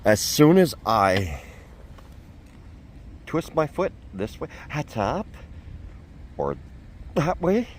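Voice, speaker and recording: A man's voice: medium pitch, wildly swooping pitch, very slow, pauses often, slight background noise. Chatty middle-aged man vlogging outdoors. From Canada. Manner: chatty and self-deprecating, often chuckling. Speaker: travel vlogger. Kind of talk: casual vlog walk-and-talk. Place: outdoors at a fish hatchery, cold wind.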